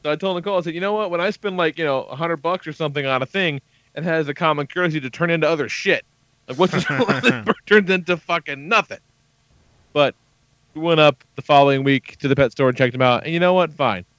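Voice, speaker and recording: A man's voice: on the high side, quick pace, fairly bright tone, no echo. A man in his thirties hosting a podcast, telling a story in casual, profane chat full of quoted dialogue. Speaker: podcast host. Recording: dull lo-fi podcast audio.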